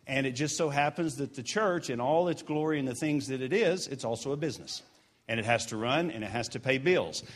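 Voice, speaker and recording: A man giving casual church announcements during a service in a sanctuary, earnest and encouraging with chatty asides. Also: medium pitch.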